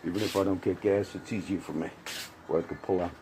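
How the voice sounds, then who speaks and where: A man's voice: low-pitched, fairly even intonation, fast, noisy background. A man giving a casual, rambling spoken commentary with frequent restarts and asides. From grew up around Puerto Rican and Cuban friends.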